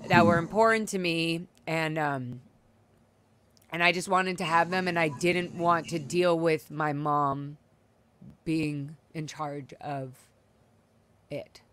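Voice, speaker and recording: A woman's voice: sits low, fairly even intonation, takes it slowly, pauses often, a bit bright, slight background noise. A young adult woman hosting a podcast, telling a personal story in a candid, emotional way over a video call, full of fillers and restarts. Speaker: podcast host. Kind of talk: casual chat, personal storytelling.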